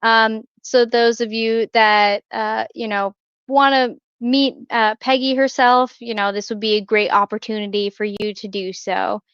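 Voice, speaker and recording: A woman's voice: fairly high pitch, flat delivery, a little slow, fairly bright tone, smooth, dry recording, muffled recording. A woman co-hosting a pop culture podcast, chatting casually with lots of fillers, restarts and small laughs. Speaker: podcast co-host. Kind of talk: casual chat.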